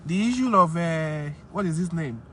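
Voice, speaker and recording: A man giving an emphatic, animated casual monologue as a commentator. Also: normal speed, a little hiss or hum. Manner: emphatic, rises high when indignant.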